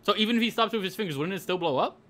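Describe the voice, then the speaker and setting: A man's voice: sits high, expressive, rapid-fire, bright, forceful tone. A young man streaming a racing game, ranting in casual chat with lots of laughter and swearing.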